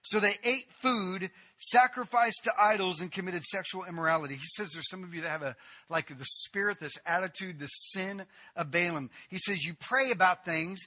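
A man preaching a sermon, telling a story with animated storytelling and acting out the quotes as he goes. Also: high voice, moderate pace. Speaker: pastor.

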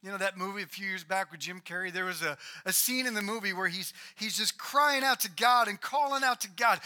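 Male pastor, high voice, very bright tone, dynamic sermon delivery. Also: moderate pace. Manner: dynamic preaching, swinging from loud emphasis to hushed.

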